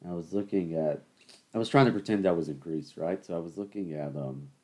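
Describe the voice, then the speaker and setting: Low-voiced man in a rambling solo rant. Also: fairly quick, mellow. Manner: chatty, rambling, addresses listeners as people. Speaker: podcast host.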